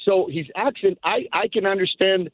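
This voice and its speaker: A man's voice: high voice, normal speed. A man from Guatemala calling in to a radio talk show, talking emphatically and stumbling over repeated words as he starts sentences. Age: adult, has children. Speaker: caller. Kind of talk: call-in radio opinion. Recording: tinny phone line.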